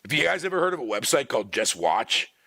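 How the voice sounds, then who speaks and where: A gravelly man with a bright edge rants on a livestream, his pitch swinging widely as he swears through his complaints. The sound is dry and close, with no room around it. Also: fast, dry recording. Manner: profane, animated ranting with frequent laughter. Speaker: streamer. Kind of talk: casual livestream rant.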